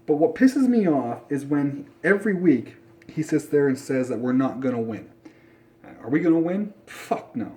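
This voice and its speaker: A young man ranting bluntly about football in a casual vlog, swearing often and jumping between mutters and loud outbursts. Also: fairly high pitch, moderate pace. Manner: blunt, profane, animated ranting. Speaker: sports fan vlogger.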